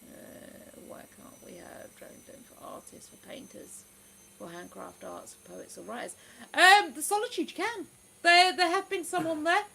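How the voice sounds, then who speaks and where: A woman's voice: very high-pitched, animated, normal speed, gravelly, bright, forceful tone, slight background noise, low-quality recording. A woman hosting a livestream, chatting casually and reading out viewer comments with frequent exclamations. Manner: chatty, exclamatory, lots of "ooh". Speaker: livestream host.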